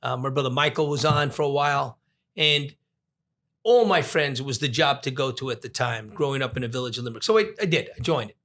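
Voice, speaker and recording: A man, a police commissioner telling a story as a podcast guest, animated and full of restarts. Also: mid-range voice, brisk. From Long Island, New York. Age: 60s. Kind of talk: storytelling in an interview.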